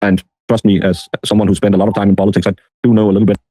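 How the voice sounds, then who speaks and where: A man's voice: on the low side, little pitch movement, racing, warm tone. A man hosting a live stream, chatting casually and rambling with frequent self-corrections.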